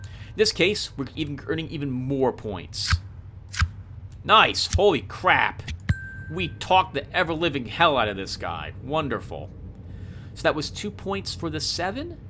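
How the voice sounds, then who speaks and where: A man doing casual game commentary, excitably explaining the rules aloud and reading out the game text. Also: on the high side, a little hiss or hum. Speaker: let's play host.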